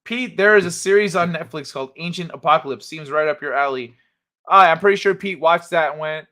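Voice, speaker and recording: A man hosting a live stream, chatting casually and reading viewer comments in a jokey, animated way, laughing often. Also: on the high side, a little fast.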